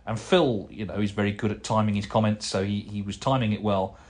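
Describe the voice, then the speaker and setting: Fairly low-pitched and darkish in tone, this middle-aged man talks briskly with fairly even intonation. On his solo podcast he answers listener emails in a casual, rambling way, stumbling through fillers and restarts.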